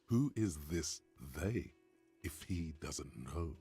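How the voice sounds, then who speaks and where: An actor playing the game's omniscient narrator, speaking in slow, deliberate scripted narration. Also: male voice, low-pitched, animated, dark tone, husky, soft background music, exaggerated voice. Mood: grave. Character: deep, omniscient male game narrator.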